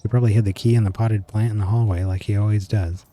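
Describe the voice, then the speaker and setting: A man reading the lines of a prim, calm mother heard over an old radio, lecturing gently. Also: lowish voice, fast talker, soft background music, close to an everyday voice.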